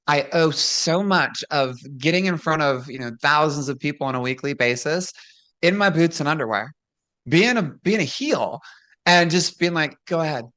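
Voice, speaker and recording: A woman's voice that sits low and sounds a bit bright belongs to a guest who used to be a pro wrestler. Chatting casually, she shares stories openly, laughing often and acting out the dialogue.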